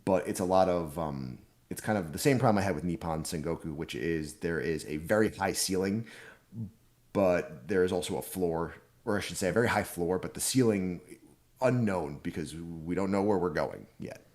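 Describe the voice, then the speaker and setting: A man co-hosting an anime podcast in casual chat, laying out his points in a measured, orderly way. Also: low-pitched, darkish tone. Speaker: podcast co-host.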